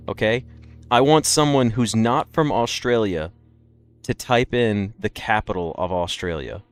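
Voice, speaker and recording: A tired young man streaming a game, chatting loosely with his viewers and yawning, rambling with many fillers. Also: lowish voice. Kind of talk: casual live-stream chat with viewers.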